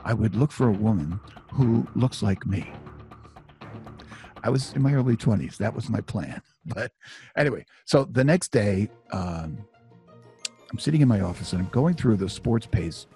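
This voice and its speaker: A man's voice: fairly low pitch, expressive, moderate pace, warm tone, soft background music. A middle-aged man telling a personal story in a conversational, self-deprecating way, full of asides. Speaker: author and storyteller.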